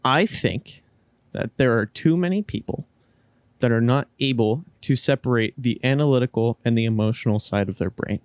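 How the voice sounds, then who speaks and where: A man's voice: mid-range voice, moderate pace, clean tone, dry recording. A man co-hosting a casual podcast, rambling through his point with frequent restarts and casual swearing. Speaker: podcast co-host.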